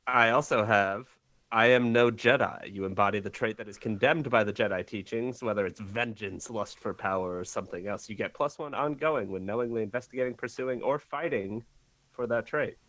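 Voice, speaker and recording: A young man playing a tabletop game, casual and joking, answering quickly. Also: on the low side, a bit bright, no room sound. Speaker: player.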